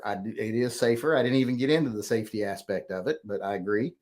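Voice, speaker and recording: A man's voice: medium pitch, fairly quick, hardly any pauses. A middle-aged man hosting a casual chat, reading viewer comments aloud and answering them in a rambling, self-correcting, plain-spoken way. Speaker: host.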